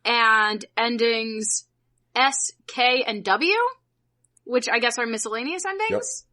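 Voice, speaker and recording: A woman chats on a podcast with an excitable, gushing manner, piling on casual fillers as she talks. Her voice sits somewhat high and sounds bright and forward. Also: takes it slowly. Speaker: podcast co-host. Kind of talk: casual chat.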